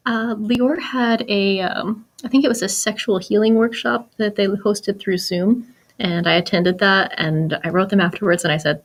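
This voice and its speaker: A woman's voice: mid-range voice, steady tone, normal speed. Chatty laughing woman from Kentucky. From Kentucky, USA. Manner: chatty, laughs often, restarts phrases. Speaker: guest. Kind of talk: casual interview chat.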